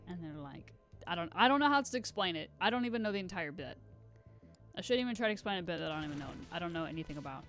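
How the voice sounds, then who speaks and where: Rambling, giggly live streamer. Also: mid-range voice. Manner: rambling, self-deprecating, giggly asides. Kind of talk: casual gaming stream chat.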